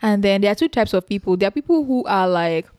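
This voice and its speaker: Young woman, Nigerian accent, podcast co-host, animated chat, dry sound. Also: mid-range voice, quick pace, no echo. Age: young adult. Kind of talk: casual chat.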